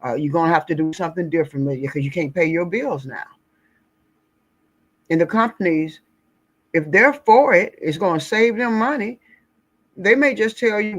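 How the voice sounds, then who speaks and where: A woman's voice: low voice, expressive, moderate pace. A woman giving blunt, indignant, folksy political commentary in a casual talk. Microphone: screen-share recording.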